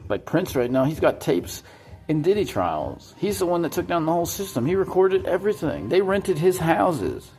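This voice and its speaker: Guy with a gravelly low mellow voice just rambling on his vlog, swearing a lot, hopping topic to topic. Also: very animated, moderate pace, soft background music. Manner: rambling, profane, jumps between topics. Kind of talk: rambling monologue to camera.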